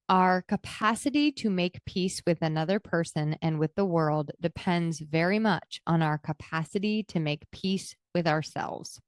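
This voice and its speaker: A woman's voice: fairly low pitch, no echo, studio quality. A woman hosting her own podcast, speaking candidly and reflectively, sometimes emotional. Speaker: podcast host. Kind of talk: reflective personal podcast talk.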